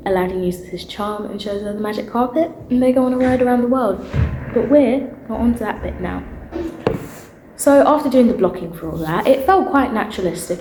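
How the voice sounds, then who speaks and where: A woman's voice: mid-range voice, roomy sound, slight background noise, low-quality recording. A young woman and drama student, chatting animatedly in a casual vlog. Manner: chatty and animated, with asides and laughs.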